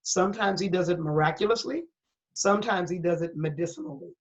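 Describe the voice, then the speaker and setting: A little fast and fairly low in pitch, a middle-aged woman pastor candidly and earnestly shares her testimony in an interview, with a preacher's emphasis. The audio is a dull lo-fi recording.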